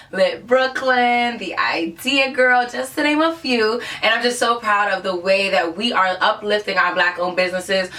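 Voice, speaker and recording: A woman hosting an upbeat vlog countdown, talking in an enthusiastic, conversational way and giving lots of shout-outs. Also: fairly high pitch, recorded from a distance. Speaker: host of a countdown show.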